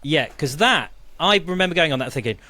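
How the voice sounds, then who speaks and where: A man's voice: on the high side, expressive, brisk, bright, forceful tone. A man co-hosting a casual podcast, joking and teasing the others. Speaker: podcast co-host. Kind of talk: casual chat. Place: podcast cabin.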